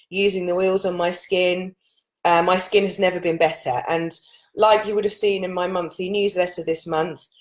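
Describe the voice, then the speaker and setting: A woman in her late thirties, a yoga and oils teacher, chatting informally to camera with a husky voice and loose, run-on explanations. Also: lowish voice. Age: 30s. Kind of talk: casual chat to camera.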